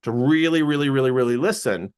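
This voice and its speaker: A man's voice: medium pitch, fairly quick, darkish tone, clear, resonant tone. A man giving a casual storytelling talk about discovering he is an empath, acting out the voices he quotes and laughing often. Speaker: speaker and teacher on empathy.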